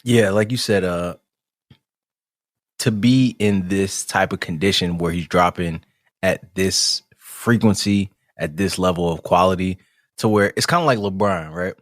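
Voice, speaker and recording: A man co-hosting a podcast, talking in a relaxed, casual way and making his point through comparisons. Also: low-pitched, a little slow, dry recording, studio quality. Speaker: podcast co-host. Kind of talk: casual music review chat.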